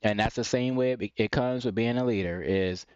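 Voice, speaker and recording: A man's voice: lowish voice, moderate pace, darkish tone, clean tone, dry recording, muffled recording. A man giving blunt, repetitive advice in a live stream monologue. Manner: blunt, preachy, repeats points, mocks timid phrasing in quoted voices. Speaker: live stream host giving dating and self-improvement advice.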